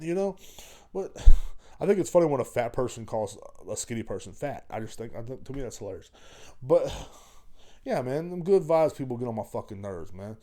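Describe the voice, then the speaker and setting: A podcast host from Texas, he speaks fairly quickly in a warm, sing-song voice of middling pitch. The clip is a rambling solo comedy monologue, profane and crudely joking throughout.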